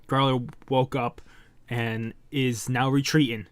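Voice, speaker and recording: A man's voice: mid-range voice, flat delivery, slow pace, clear, resonant tone, no echo. A man giving a casual, rambling manga reaction, reading aloud and correcting himself as he goes.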